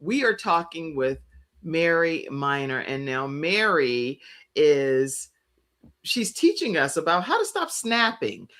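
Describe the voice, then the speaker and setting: A woman's voice: deep voice, big pitch swings, slow, a bit bright. A woman hosting a live faith talk show, encouraging her guest with frequent affirming murmurs. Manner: encouraging, many affirming hums. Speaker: show host.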